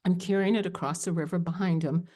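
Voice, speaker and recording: Woman storyteller, low-pitched and warm, animated personal retelling at a live event. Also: quick pace. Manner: animated, emotional retelling with fillers.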